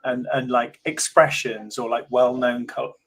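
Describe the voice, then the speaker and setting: A man's voice: medium pitch, steady tone, measured pace, fairly bright tone, slight background noise, low-quality recording. Man musing with searching phrasing. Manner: searches for words, many fillers like "like" and "you know". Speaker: guest. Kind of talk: casual conversation.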